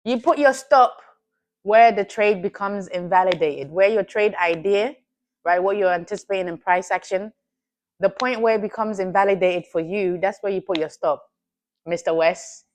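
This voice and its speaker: A woman's voice: mid-range voice, normal speed. A woman hosting a live trading stream, chatting casually with her chat, teasing and laughing often.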